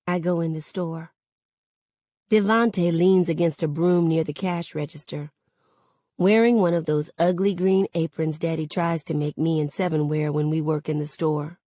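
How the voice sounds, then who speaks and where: A woman reading a novel aloud in a measured, even narration. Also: lowish voice, dry recording. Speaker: reader.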